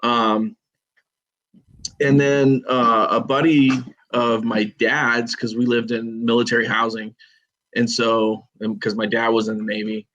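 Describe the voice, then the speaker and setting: This man speaks in a steady, monotone way as he recalls his early years, with fillers between phrases. The recording is slightly muffled and lo-fi. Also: medium pitch. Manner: flat, measured recollection with fillers. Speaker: guest, pro wrestler. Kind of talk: casual podcast interview. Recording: slightly dull lo-fi sound.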